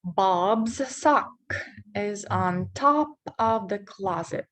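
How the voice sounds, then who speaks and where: Slow, careful woman teaching pronunciation. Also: mid-range voice, animated, fairly bright tone. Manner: slow, deliberate, repeats words to model sounds. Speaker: English teacher. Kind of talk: pronunciation lesson.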